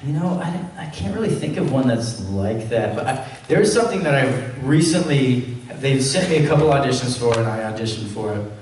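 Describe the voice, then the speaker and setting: A man's voice: medium pitch, lively intonation, brisk, few pauses, a little mellow. A man at a fan Q&A, rambling through anecdotes in a loose, chatty way with plenty of "like". He is heard from far off across a big echoing hall. A faint hiss sits under the sound. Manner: chatty, fills with "like", acts out quotes. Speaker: convention panel guest, voice actor. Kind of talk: casual storytelling at a fan Q&A. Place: convention panel room. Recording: very echoey hall, voice far from mic.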